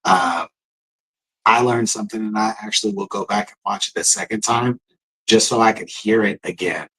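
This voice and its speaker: A middle-aged man co-hosting a live stream in relaxed, conversational chat, giving shout-outs. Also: fairly low pitch, moderate pace, breathy edge, low-quality recording. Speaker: live show co-host.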